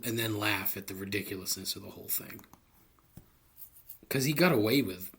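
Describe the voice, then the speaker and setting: Husky, rambling man ranting into a mic. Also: fairly low pitch, lively intonation, normal speed, fairly bright tone. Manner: rambling, profane, laughs at his own jokes. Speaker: podcast host. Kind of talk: solo comedic podcast rant. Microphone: close studio microphone.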